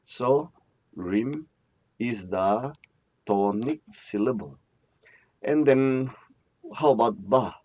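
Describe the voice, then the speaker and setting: A man's voice: mid-range voice, animated, extremely slow, pauses often, warm tone. Guy teaching grammar, repeats himself a lot, asks then answers, muffled lo-fi sound. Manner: repeats key terms, asks and answers his own questions. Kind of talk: classroom lecture. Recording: dull lo-fi recording.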